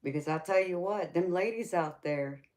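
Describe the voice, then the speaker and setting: A woman's voice: fairly low pitch, moderate pace, a little mellow. A woman with a Southern US accent, a tarot reader hosting a casual livestream chat, teasing viewers and calling them baby.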